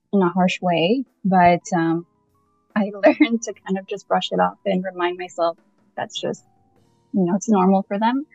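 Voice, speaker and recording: A woman's voice: fairly low pitch, a little mellow, no room sound, muffled recording. A young woman from Canada, a podcast guest, chatting casually and animatedly with many fillers. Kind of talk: casual conversation.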